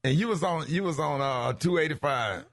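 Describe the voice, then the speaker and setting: Incredulous morning radio host, lively voice. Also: male voice, on the high side, moderate pace, no echo. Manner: incredulous, keeps questioning.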